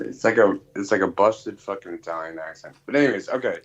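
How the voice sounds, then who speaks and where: A man's voice: deep voice, quick pace, hardly any pauses. A man calling in to a stream, joking in a laid-back way. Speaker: caller on a voice call. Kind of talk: casual chat. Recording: dull voice-call audio.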